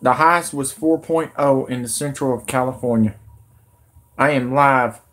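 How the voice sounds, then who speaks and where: A man's voice: medium pitch, steady tone, moderate pace, a bit bright. A man talking on a live stream, urgent and rambling as he addresses his viewers. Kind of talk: excited live stream talk.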